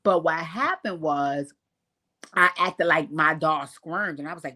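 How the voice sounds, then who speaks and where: A woman hosting a live stream, telling profane stories and talking to viewers in a casual, animated way. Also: mid-range voice, normal speed. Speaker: host.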